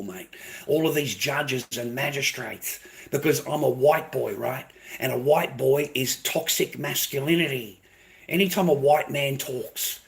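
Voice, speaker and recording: A man's voice: mid-range voice, vocal fry. A man with an Australian accent, delivering a heated, profane and confrontational rant to camera, often repeating himself. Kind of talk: angry ranting monologue to camera.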